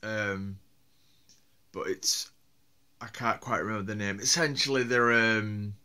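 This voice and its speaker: A man's voice: lowish voice, steady tone, unhurried, bright, forceful tone, smooth. A man from Yorkshire with a Yorkshire accent, vlogging on his own in a rambling, hesitant way with many fillers and restarts. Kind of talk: casual solo vlog.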